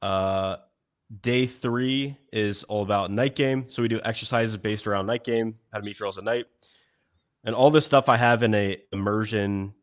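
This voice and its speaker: Casual man with halting, filler-heavy delivery. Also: on the low side, clear, resonant tone. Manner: casual, hesitant, many fillers. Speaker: dating coach. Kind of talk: panel discussion.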